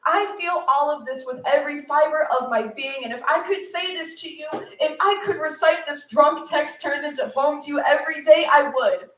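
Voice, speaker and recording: A woman's voice: high voice, normal speed, few pauses, a bit bright. A woman performing a tender, earnest love poem at a cafe open mic. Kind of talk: live poetry reading. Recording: echoey room, mic far off.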